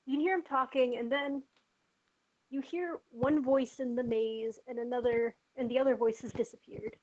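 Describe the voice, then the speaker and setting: High-voiced woman game master. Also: steady tone, a little mellow. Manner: brisk, matter-of-fact narration and rules calls. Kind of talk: running a tabletop game over voice chat. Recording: muffled lo-fi mic with faint hiss.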